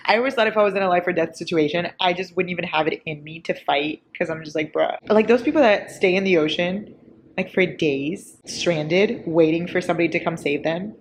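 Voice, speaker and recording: A woman in her twenties, a book vlogger, talking casually and excitably about what she reads, often breaking into giggles. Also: lowish voice, a little fast, a little hiss or hum. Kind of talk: casual reading vlog.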